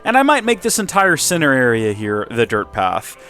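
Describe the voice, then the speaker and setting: Lively, playful man hosting a Minecraft let's play. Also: medium pitch, normal speed, soft background music. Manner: playful mock presenter tone, rambling with self-corrections. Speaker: Minecraft channel host.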